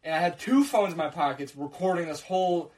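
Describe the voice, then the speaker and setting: A man's voice: on the high side, animated, a little fast, crowd noise, poor audio. A young man from co-hosting a podcast, telling a story in casual chat, acting out the quotes and swearing freely.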